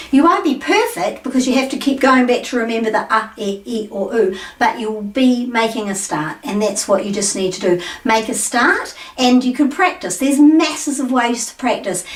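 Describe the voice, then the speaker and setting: A woman teaching pronunciation, slowing down to sound out letters and syllables with care. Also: fairly high pitch. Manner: slow careful demonstrations of sounds. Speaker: language teacher. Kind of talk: pronunciation lesson. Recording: echoey room, voice from a distance.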